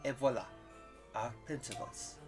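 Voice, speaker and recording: A proud, macabre French waxwork sculptor, as a man puts her on in a game playthrough, speaking with a put-on French accent and theatrical deliberation. She lingers over her words and drops French phrases. Game music plays clearly underneath. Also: medium pitch, moderate pace, natural voice.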